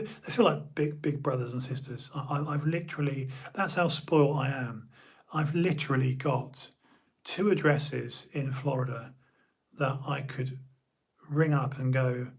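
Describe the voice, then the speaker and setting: A young man from the UK, streaming an emotional personal monologue, halting and repeating his words as he talks. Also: medium pitch.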